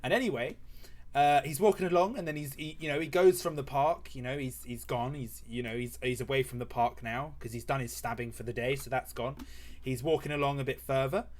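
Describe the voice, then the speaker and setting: A man's voice: medium pitch, brisk. A man telling a comic story on a live stream while drawing, rambling with many fillers and swearing.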